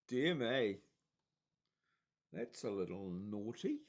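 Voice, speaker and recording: A man hosting, casually reading out and chuckling over social media posts. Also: fairly low pitch. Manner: chuckling, relaxed, amused. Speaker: host.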